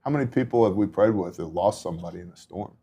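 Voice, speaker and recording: A man's voice: low voice, fast talker, warm tone, slightly rough. A middle-aged man in casual faith talk, telling relief-work stories in an earnest, conversational way with many asides. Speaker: podcast host and disaster relief volunteer.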